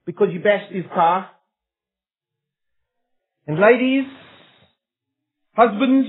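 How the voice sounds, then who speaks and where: This pastor's voice is high-pitched and slightly rough as he preaches with earnest emphasis and rhetorical questions for his audience. The sermon recording has a thin, phone-like quality.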